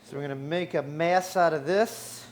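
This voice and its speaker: A man's voice: a little high, normal speed, slight background noise. A man hosting a cooking show in a studio kitchen, walking through a recipe step by step in an upbeat, joking way. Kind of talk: on-air cooking demonstration.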